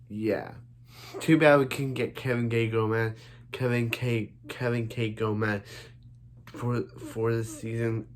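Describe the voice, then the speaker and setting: Male reviewer, slow unhurried delivery, rambling casual recap full of restarts. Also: medium pitch, fairly even intonation. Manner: rambling, many restarts and "so yeah" fillers. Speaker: anime reviewer.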